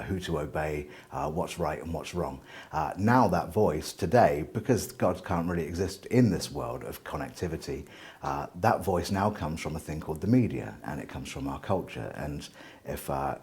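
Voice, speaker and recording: A man's voice: low-pitched, darkish tone. A young man doing a live stand-up monologue between songs, rambling and self-mocking, full of ums and apologies. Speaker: comedian and musician. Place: live venue with an audience.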